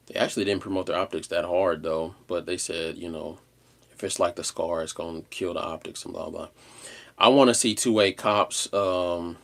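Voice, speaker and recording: A man chatting casually on a livestream, rambling in a slangy, laid-back way with animated outbursts. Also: sits low. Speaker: live streamer.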